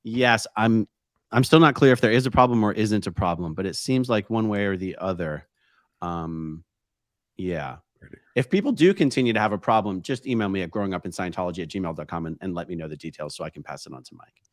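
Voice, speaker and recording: A man's voice: low voice, lively intonation, brisk, no room sound, studio quality. A man hosting a livestream, reading viewer comments aloud in an easygoing, casual way. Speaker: host reading live chat.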